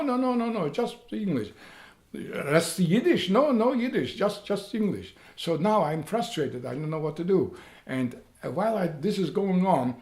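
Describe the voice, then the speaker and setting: An old man recounts his past in a slightly high voice. He stumbles, repeats words and rises to loud excitement at key moments. The room around him adds a noticeable echo. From Poland. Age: 80s. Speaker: interviewee. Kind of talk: personal storytelling. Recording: roomy echo.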